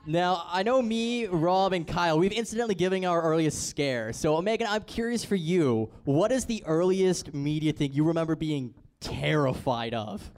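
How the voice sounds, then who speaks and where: A man's voice: fairly high pitch, animated, normal speed, hardly any pauses, a little mellow. A man hosting a casual group chat, quizzing his guests and laughing often. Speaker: podcast host.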